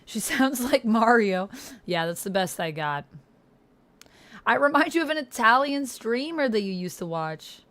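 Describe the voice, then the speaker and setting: A woman's voice: a little high, lively intonation, measured pace, fairly bright tone. A woman streamer chatting casually while playing a game live, wondering aloud and answering her chat. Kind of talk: gaming livestream commentary.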